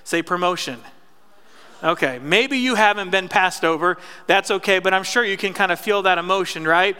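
A pastor preaching a conversational sermon and drawing responses from the congregation. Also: male voice, high-pitched, moderate pace, bright, forceful tone, clear, resonant tone. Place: church sanctuary. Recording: long church reverb.

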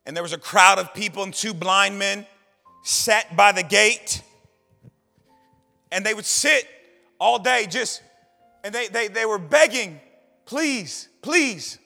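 A man preaching a sermon as pastor, swinging between hushed low lines and loud shouted bursts. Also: vocal fry. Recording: hall reverb, faint music behind.

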